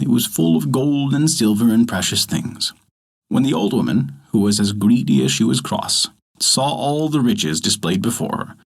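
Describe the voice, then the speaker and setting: A man narrating a folk tale and hosting a story podcast, in an expressive, scripted storytelling manner. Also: mid-range voice, creaky, slightly rough.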